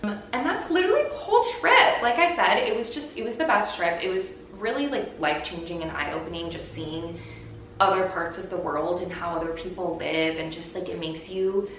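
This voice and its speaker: Chatty young woman in an echoey room. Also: lowish voice. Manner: chatty, heavy use of "like", animated retelling. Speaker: vlogger and podcast host. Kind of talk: casual storytelling chat. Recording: very echoey room, voice from a distance, faint background noise.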